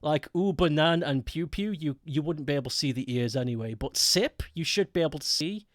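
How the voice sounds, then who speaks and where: A man's voice: a little high, animated, brisk, dry recording, studio quality. A man chatting casually with his viewers while streaming a game, often laughing. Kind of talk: casual live-stream chat while gaming.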